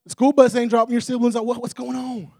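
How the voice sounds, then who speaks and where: A puzzled father questions his son, as a preacher acts him out in a sermon, low and quiet, with a gravelly edge. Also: level tone, quick pace, no room sound, clean studio sound, exaggerated voice.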